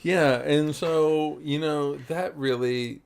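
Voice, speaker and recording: Man, podcast co-host, unhurried and smooth-voiced, full of "you know"s and restarts. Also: a little high. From South Carolina, US. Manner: rambling, many fillers and restarts. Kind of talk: casual chat.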